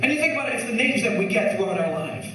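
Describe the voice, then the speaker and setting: A man performing a stand-up set to a live audience, telling his story with lots of animation. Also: rapid-fire. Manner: animated storytelling, swings pitch a lot. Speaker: stand-up comedian. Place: comedy club stage. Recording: echoey live club, distant mic. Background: audience laughter.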